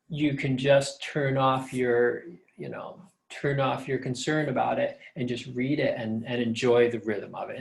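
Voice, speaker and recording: A middle-aged man lecturing as a professor over a slideshow, relaxed and conversational, with fillers, reading verse slowly to show its rhythm. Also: mid-range voice, creaky. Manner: reads verse lines slowly to show the meter.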